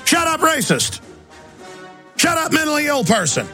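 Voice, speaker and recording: A man voicing a shrill, mocking heckler who shouts everyone down. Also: wildly swooping pitch, normal speed, soft background music, exaggerated voice.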